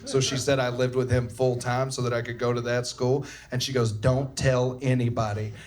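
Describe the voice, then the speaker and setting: A man with a mid-range voice, relaxed and jokey, hosting a question session on a comedy stage. He talks loosely and tells stories, with asides and quick self-corrections. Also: mid-range voice. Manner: casual, jokey storyteller. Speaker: comedian and former teacher, panel host. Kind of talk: live comedy Q&A banter. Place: stage before a live audience.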